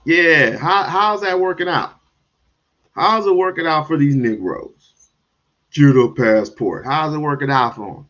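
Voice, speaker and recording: A man hosting a livestream, ranting in commentary with sudden loud bursts and chuckles. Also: on the high side, animated, measured pace, highs cut off. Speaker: streamer host.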